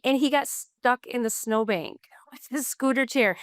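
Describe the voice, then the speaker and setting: A woman's voice: a little high, normal speed, dry recording, clean studio sound. A middle-aged woman co-hosting a casual faith-based chat, telling stories earnestly and with animation, with frequent "um" fillers. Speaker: podcast co-host.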